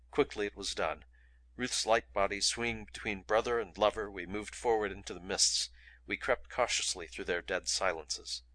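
A man reading an adventure novel aloud in steady, dramatic narration. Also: fairly low pitch. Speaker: audiobook reader. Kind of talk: audiobook narration.

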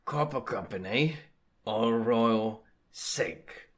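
A man's voice: medium pitch, slow pace, natural voice. A man playing a blunt investigator with a put-on British accent, questioning others during a tabletop game. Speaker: player.

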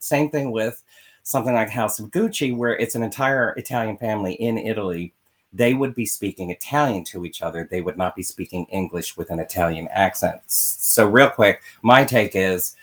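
A man co-hosting a casual chat, emphatic and opinionated as he makes his case. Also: fairly low pitch. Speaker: podcast co-host.

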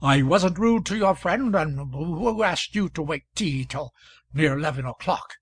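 An irritable middle-aged husband in a storybook, curt and exasperated, as a male narrator reads him. The voice sits high and husky, recorded close and dry. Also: animated, unhurried, no room sound, full character voice. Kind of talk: audiobook character voice.

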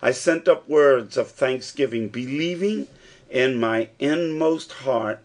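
A man narrating a classic novel as an audiobook, in a measured storytelling manner. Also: mid-range voice. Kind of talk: scripted narration.

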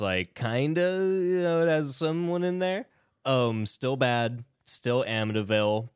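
A man's voice: on the low side, clear, resonant tone, dry recording, clean studio sound. A man co-hosting a casual movie podcast, rambling and laughing through his sentences. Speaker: podcast co-host.

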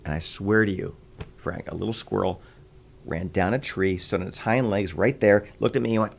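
A man from the American Midwest, a voice actor telling stories in an interview with quick bursts of voices and laughter. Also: sits low, vocal fry, a little hiss or hum. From Midwest United States. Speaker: voice actor guest. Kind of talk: interview conversation.

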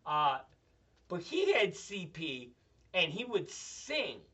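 A man's voice: on the high side, huge pitch swings, slow, pushed and bright, husky. A man hosting a show, telling crude, profane, rambling comedic stories. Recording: dull, slightly distant mic.

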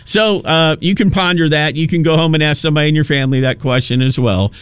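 A man's voice: fairly high pitch, quick pace, clean tone, no room sound. A man in his fifties hosting a talk radio show, rambling through a casual monologue with many restarts and asides. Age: 50s.

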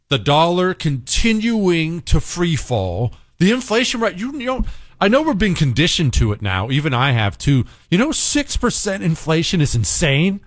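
A man's voice: on the high side, no room sound, studio quality. A male host giving an urgent, exasperated political commentary monologue, hammering key phrases by repeating them.

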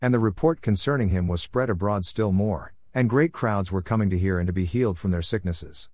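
A man reading scripture aloud in a steady, measured way, phrase by phrase. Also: lowish voice, no room sound. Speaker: scripture reader.

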